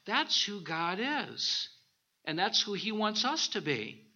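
High, sharp-toned man preaching a sermon. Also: takes it slowly. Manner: animated storytelling, reads scripture aloud. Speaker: minister. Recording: dull lo-fi recording.

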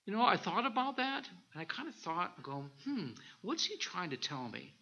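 High, sharp-toned man preaching a sermon. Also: moderate pace, vocal fry. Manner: animated storytelling, reads scripture aloud. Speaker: minister. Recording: dull lo-fi recording.

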